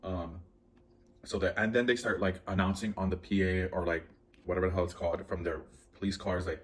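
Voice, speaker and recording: Mukbang vlogger, low-pitched man, rambling anxious storyteller, faint hiss in the room. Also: fairly even intonation, a little fast. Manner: rambling, filler-heavy, anxious retelling. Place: at home, indoors.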